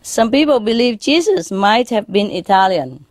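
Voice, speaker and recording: A woman's voice: mid-range voice, expressive, moderate pace, dry recording. A woman telling jokes in a lecture, often chuckling and asking the audience questions. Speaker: spiritual teacher lecturing an audience. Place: lecture hall in Paris.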